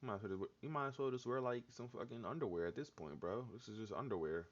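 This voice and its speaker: A man's voice: on the low side, lively intonation, quick pace. A man hosting a casual chat, talking loosely and jokingly with lots of slang and filler words. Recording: dull lo-fi sound.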